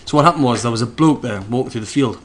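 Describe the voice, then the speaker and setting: A man's voice: mid-range voice, rapid-fire, crowd noise. A man, a podcast co-host telling a rambling story with frequent restarts. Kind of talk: casual anecdote telling.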